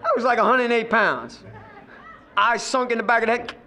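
A man giving personal testimony at a recovery meeting. He tells his story with lively acted-out dialogue and drops to a hush at times. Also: very high voice, fairly quick, over music. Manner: storytelling, acts out quoted voices, swings between loud and hushed.

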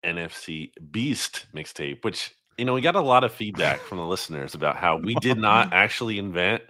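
A man's voice: low voice, lively intonation, normal speed, pushed and bright, no echo. A man co-hosting a sports podcast in casual chat, dry and teasing, with a sarcastic edge.

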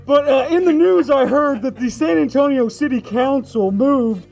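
A man voicing a joking talking horse on a radio comedy bit, with a gravelly voice and laughing asides. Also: extremely high pitch, moderate pace, a little mellow, soft background music. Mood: wisecracking.

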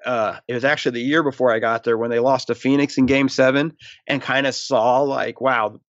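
A man's voice: mid-range voice, level tone, brisk, no echo, highs cut off. A man, a former team staffer, talking as a guest in a casual interview, rambling with fillers. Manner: rambling, many fillers and restarts.

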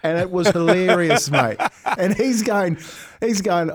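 A man with a New Zealand accent co-hosting breakfast radio, telling a story with animated, laughing delivery. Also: high-pitched, measured pace. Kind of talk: casual radio banter, storytelling.

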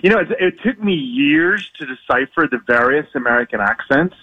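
A man's voice: a little high, animated, a little fast, narrow, tinny audio, slight background noise. A man with an Irish accent, a guest author talking enthusiastically about his book in a remote interview from his apartment.

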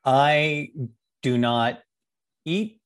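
A man of middle pitch co-hosts a casual podcast. He runs through news in a chatty, upbeat way, dropping quick asides between items. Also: clear, resonant tone. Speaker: podcast co-host.

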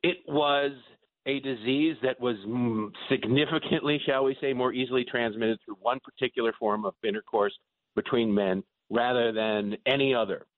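A man's voice: medium pitch, moderate pace, no room sound. Sarcastic man on a tinny phone line. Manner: sarcastic, mocking, emphatic. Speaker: political commentator guest. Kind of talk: opinionated radio talk.

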